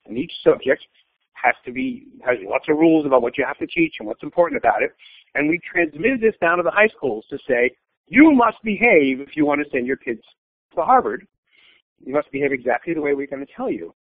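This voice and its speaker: A man's voice: on the high side, dry recording. An older man, a blunt and opinionated storyteller, talking as a guest in an interview. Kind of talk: conversational interview. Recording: tinny phone line.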